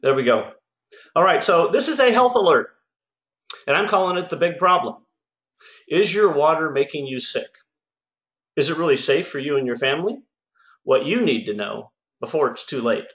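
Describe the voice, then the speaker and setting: A man's voice: a little high, lively intonation, normal speed, pauses often, a bit bright. A man who runs a home services business, hosting a casual sales webinar in an upbeat, folksy, chatty way. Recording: echoey room, slightly dull sound.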